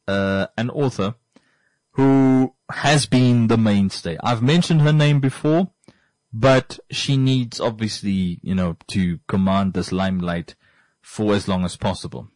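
Male podcast host, mid pitch, dry close sound, rambling and emphatic. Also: measured pace, a little mellow, no room sound. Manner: rambling, emphatic, repeats points for effect. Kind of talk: casual monologue.

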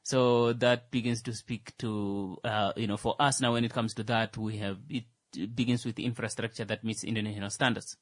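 A man's voice: fairly low pitch, steady tone, moderate pace, hardly any pauses, no echo. A man from Namibia, co-hosting a casual discussion, hesitant with many fillers and dry sarcastic humor.

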